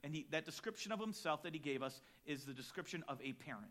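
A male pastor delivering a sermon with a lively, wide-ranging delivery and a bright, forceful tone. He moves between hushed reflection and loud, punchy emphasis, fitting in personal stories along the way. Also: fairly high pitch, quick pace. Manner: dynamic preaching, swings between quiet and loud emphatic lines; storytelling with acted quotes and chuckles.

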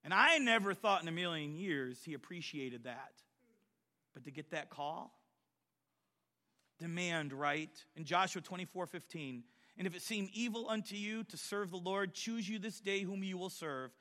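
A middle-aged man preaching a sermon, telling personal stories and swinging from quiet storytelling to loud exhortation. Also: high voice, normal speed. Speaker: pastor.

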